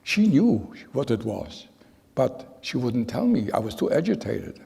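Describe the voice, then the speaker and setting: A man in his nineties giving spoken testimony to an audience in a large hall, telling his story in a halting, earnest way with repeated phrases. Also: mid-range voice, sing-song, vocal fry, mellow, slightly rough. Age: 90s. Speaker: Holocaust survivor giving testimony. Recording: long reverb of a large hall.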